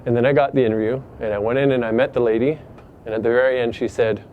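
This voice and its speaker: A man's voice: mid-range voice, steady tone, quick pace, muffled recording, slight background noise. A middle-aged man from Canada earnestly telling a personal story in a casual, reflective way.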